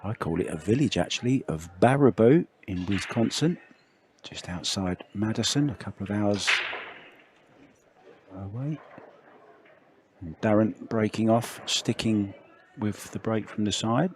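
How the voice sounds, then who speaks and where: A man doing relaxed, chatty play-by-play commentary on a billiards match. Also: lowish voice, unhurried, pauses often, slight background noise.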